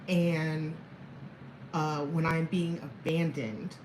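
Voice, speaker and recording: A woman in her thirties talks to her viewers in a rambling, candid way and chuckles between thoughts. Her voice sits a little low for a woman. It rings in an echoey room over faint background ambience. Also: fairly even intonation, drawn-out words, a little mellow, a little hiss or hum. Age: 30s. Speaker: vlogger. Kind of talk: casual personal talk to camera.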